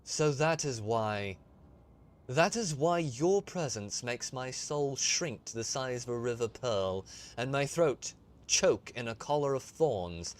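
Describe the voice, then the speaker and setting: A man voicing a young noblewoman heir from a role-playing game in a measured, earnest voice close to his own. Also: medium pitch.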